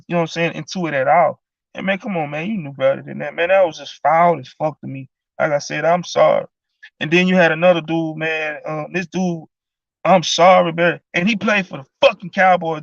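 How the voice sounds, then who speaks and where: A man's voice: a little high, gravelly, fairly bright tone, no room sound. A man ranting casually about sports news, heated and profane, constantly asking "you know what I'm saying.". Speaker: sports commentary vlogger. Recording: dull, lo-fi, dry sound.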